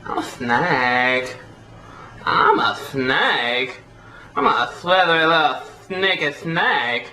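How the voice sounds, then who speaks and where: A person voicing a slithery, sneaky little snake in a pet video, drawing the words out slowly. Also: mid-range voice, expressive, sharp tone, echoey room, poor audio. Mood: sly.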